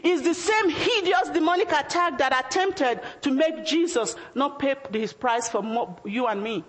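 A woman's voice: sits high, animated, moderate pace. A woman preaching a sermon in an emphatic, exhorting manner, acting out the anxious questions of her listeners. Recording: long hall reverb.

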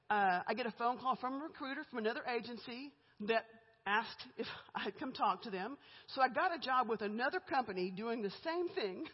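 Her mid-range, slightly rough voice carries a middle-aged woman's chatty church testimony, given as a guest speaker. She tells her own story candidly, in a storytelling style, with laughter between lines. The recording is muffled and echoes around the church hall of the sanctuary.

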